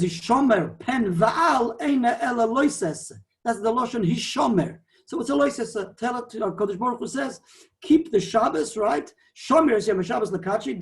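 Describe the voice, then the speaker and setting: Digressive rabbi teaching a Torah class. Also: male voice, high voice. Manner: digressive, animated, peppered with Hebrew and Yiddish terms. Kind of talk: Talmudic lecture.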